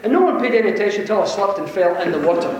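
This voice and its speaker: A Scottish man with a Glasgow accent telling an animated, self-deprecating story to a conference audience, chuckling often. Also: high-pitched, rapid-fire, crowd noise. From Scotland. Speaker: conference speaker. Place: large conference hall. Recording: very echoey hall, mic far off, faint hiss.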